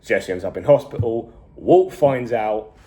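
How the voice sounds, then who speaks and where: Dude with a mellow voice doing a casual show review, laughs and swears a lot. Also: male voice, fairly low pitch, measured pace. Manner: animated retelling, swears, chuckles often.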